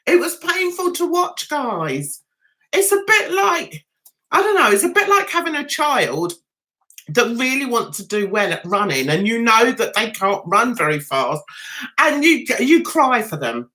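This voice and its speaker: A woman's voice: fairly high pitch, big pitch swings, a little slow, pushed and bright. A woman hosting a casual livestream chat, getting over a throat cold, chatty and self-mocking as she greets viewers by name. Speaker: livestream host.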